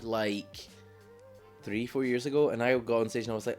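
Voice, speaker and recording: A man's voice: medium pitch, fairly even intonation, brisk, darkish tone, faint music behind. A young Scottish man co-hosting a podcast, bantering and telling stories with swearing in casual chat. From Scotland. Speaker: podcast co-host.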